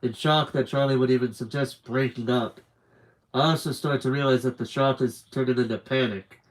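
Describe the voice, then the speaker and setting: A man's voice: medium pitch, fairly even intonation, normal speed, low-quality recording. Man reading a novel aloud. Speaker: book reader. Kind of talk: live book reading.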